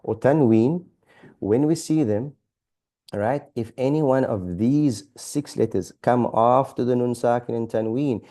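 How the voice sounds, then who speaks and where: A man's voice: medium pitch, a little slow, warm tone. Patient man teaching Arabic reading. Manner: patient, repeats examples, frequent "okay?" checks; stumbles and restarts phrases. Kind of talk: relaxed classroom-style lesson.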